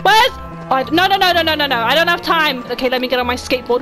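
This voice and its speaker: A young woman doing let's play commentary, excitable and emotional, talking back to the screen. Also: high voice, fast, music in the background, low-quality recording. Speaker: gamer host.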